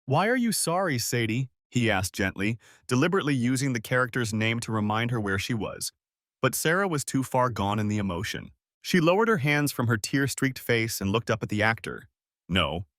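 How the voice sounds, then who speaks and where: A male narrator reading a dramatic story, his pitch rising and falling a lot as he builds tension. The voice sits at an ordinary pitch for a man. It sounds dry and close to the mic. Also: lively intonation, normal speed, a bit bright, dry recording.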